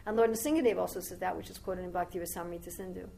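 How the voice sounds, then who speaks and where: Gravelly-voiced woman telling a devotional story. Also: fairly low pitch, fairly even intonation, racing, warm tone, rough recording. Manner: conversational, rambling storyteller with asides. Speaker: spiritual teacher.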